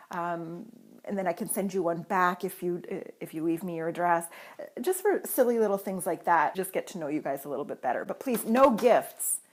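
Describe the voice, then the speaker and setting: A woman from Canada vlogging casually at home, gushing and excitable as she talks to a camera on a tripod. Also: on the low side. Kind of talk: casual unboxing chat.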